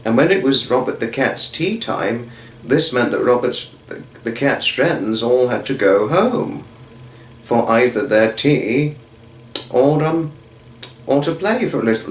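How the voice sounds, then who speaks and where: A man reading a children's story aloud, rambling and often correcting himself. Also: medium pitch. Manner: rambling, with frequent self-corrections. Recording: roomy echo.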